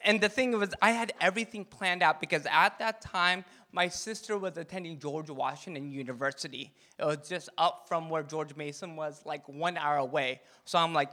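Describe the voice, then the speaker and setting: A man's voice: fairly high pitch, normal speed, hardly any pauses, pushed and bright. A young man preaching to a youth group in a playful style, quizzing listeners by name and telling his own story. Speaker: youth pastor.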